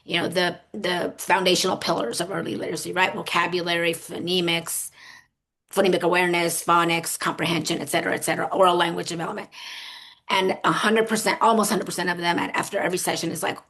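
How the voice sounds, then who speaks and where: A woman's voice: fairly low pitch, flat delivery, fast talker, fairly bright tone. A woman hosting a webinar discussion, conversational and affirming, often murmuring agreement. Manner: conversational, affirming with frequent mm-hmms. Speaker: host.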